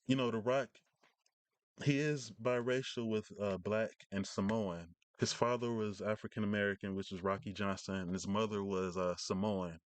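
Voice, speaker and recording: A man's voice: lowish voice, steady tone, moderate pace, no room sound. A man hosting a casual live stream, rambling through news with many fillers and restarts from his home setup.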